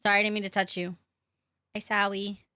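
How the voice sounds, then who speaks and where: A woman's voice: medium pitch, little pitch movement, fairly quick, sharp tone, no room sound, studio quality. A woman streaming a game, chatting casually with her viewers, greeting them by name, laughing often and swearing offhandedly. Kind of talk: casual live-stream chat while gaming. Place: her own room at home.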